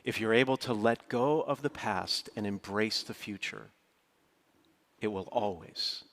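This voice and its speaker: A man's voice: on the low side, normal speed, creaky, a bit bright. A middle-aged man preaching a sermon, telling a personal story in an earnest, storytelling way, his voice rising sharply when he quotes his own words. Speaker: pastor.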